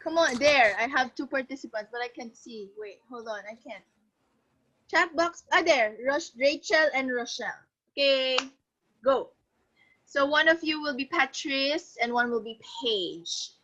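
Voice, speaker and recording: A woman's voice: high voice, a little slow. A woman teacher, leading an online class and coaxing students to speak up. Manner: encouraging, animated, coaxing students. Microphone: video call. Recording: muffled lo-fi online class audio.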